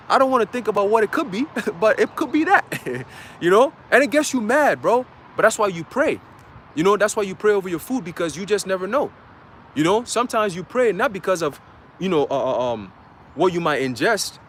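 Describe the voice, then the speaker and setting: High-voiced slangy preacher man. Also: fairly bright tone, a little hiss or hum. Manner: slangy, profane, keeps asking "okay?" and "you know?". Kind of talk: informal livestream sermon.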